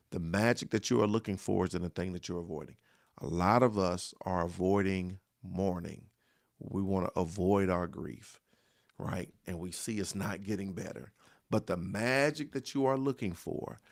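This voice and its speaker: A man's voice: low voice, vocal fry, no echo, clean studio sound. A middle-aged man, a pastor, giving a devotional talk on grief in a repetitive, exhorting preacher cadence, often asking "right?". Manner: exhorting, call-and-response.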